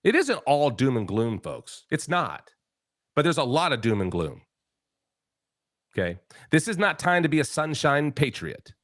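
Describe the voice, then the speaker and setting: A man hosts a talk show, pressing his points with rhetorical questions and frequent restarts. His pitch swings widely as he preaches. The sound is dry and close. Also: sing-song, a little slow, a bit bright, no room sound. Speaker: show host. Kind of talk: political talk show chat.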